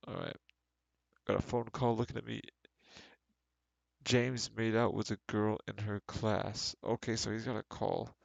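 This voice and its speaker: A man's voice: lowish voice, little pitch movement, a little slow, gravelly, pauses often, dry recording, lo-fi sound. A man reading a book aloud on stream and breaking off with sarcastic, exasperated commentary.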